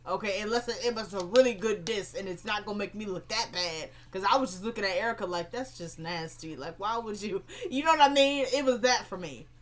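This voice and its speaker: A woman chatting casually as she recaps a TV episode, animated and acting out the characters' lines. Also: medium pitch, quick pace, hardly any pauses.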